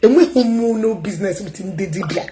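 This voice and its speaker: Loud Nigerian woman with a mellow voice. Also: medium pitch, fairly quick, low-quality recording. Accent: Nigerian Igbo. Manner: loud, emphatic talker. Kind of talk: casual chat mixing English and Igbo.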